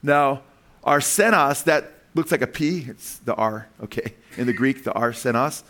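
A man preaching a sermon to his congregation, pausing to ask questions and walk them through slides word by word, with frequent "okay" and "right". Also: mid-range voice, pushed and bright. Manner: emphatic, asks the congregation questions. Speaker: pastor.

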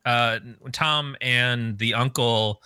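Bright-voiced man recapping a movie. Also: mid-range voice, fairly even intonation, drawn-out words, clear, resonant tone, no room sound. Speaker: podcast co-host. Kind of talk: casual movie review chat.

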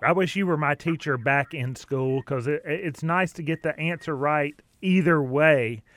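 A man hosting a casual outdoor-gear radio talk show, chatty and quick to laugh. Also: fairly high pitch, fairly bright tone, a little hiss or hum. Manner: chatty, laughs easily, some fillers.

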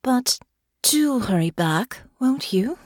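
A woman's voice: on the high side, animated, slow, no room sound, clean studio sound, voice pushed up. A woman reading an audiobook, voicing a clingy, dramatic young noblewoman in a raised voice. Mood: coaxing.

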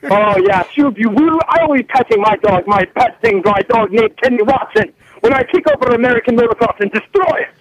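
A man's voice: very high voice, animated, a little fast, few pauses. A man calling in on the phone, putting on a grandiose fake Italian boss who makes threats in broken English. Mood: gloating. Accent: put-on Italian. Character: boastful Italian-accented male team boss caller. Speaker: prank caller. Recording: phone line.

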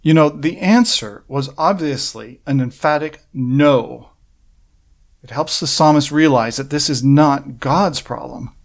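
Verse by verse, a man with a gravelly, medium-pitched voice works through a psalm in his sermon, staying earnest and measured and raising rhetorical questions.

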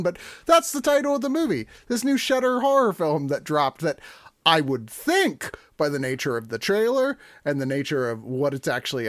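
Casting: male film-review host, lively rambling delivery, slightly higher voice, dry close sound. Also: no room sound. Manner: animated, rambling, swears freely. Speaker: podcast host. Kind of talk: casual movie review chat.

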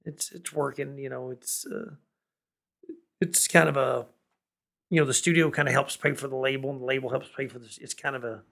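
A man's voice: medium pitch, steady tone, fairly quick, creaky, a bit bright. A man, a musician guest in a studio, telling rambling stories and laughing often. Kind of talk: storytelling in a relaxed conversation. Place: recording studio.

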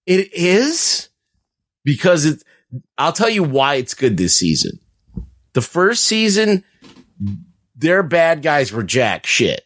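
A man's voice: a little high, wildly swooping pitch, takes it slowly, pauses often, fairly bright tone. A man co-hosting a casual podcast, rambling through movie recaps with frequent swearing and laughter. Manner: rambling, profane, laughs while talking. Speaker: podcast co-host. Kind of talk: casual chat.

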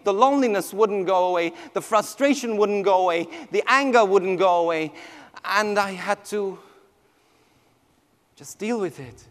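Man, priest, high-pitched voice, emotional testimony, hushed to loud, long echo of a big hall. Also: a little slow. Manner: emotional storytelling, swinging from hushed to near shouting. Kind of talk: personal testimony talk.

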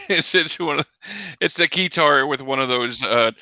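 A man co-hosts a casual podcast, rambling and padding his talk with "like". His voice is sharp and forceful, set at a middle pitch. The audio is dull and lo-fi but dry. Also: unhurried, no echo. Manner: rambling, heavy use of "like". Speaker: podcast co-host.

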